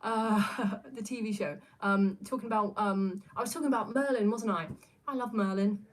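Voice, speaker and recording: A young adult woman with a medium-pitched voice chats casually on a livestream at a moderate pace, answering viewer questions. She rambles, using many fillers and restarts, and laughs often.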